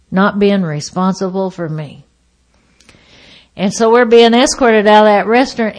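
Woman telling her story to a meeting, acts out every voice, goes loud then real quiet. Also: mid-range voice. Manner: vivid storyteller, acts out quotes, swings from loud to hushed. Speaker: speaker sharing her recovery story. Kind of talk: personal testimony to a meeting.

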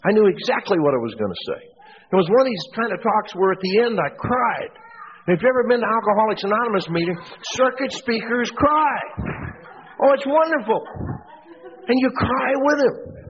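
A man's voice: high voice, moderate pace. Man telling a funny story in a hall. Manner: self-mocking, animated storyteller. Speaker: recovery meeting speaker. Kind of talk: humorous storytelling talk. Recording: dull lo-fi tape in a reverberant hall, faint hiss.

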